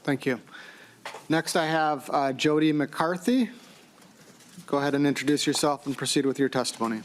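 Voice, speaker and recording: A man's voice: fairly high pitch, normal speed. A man chairing a committee hearing who calls the next witnesses in a brief, procedural manner. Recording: faint background noise.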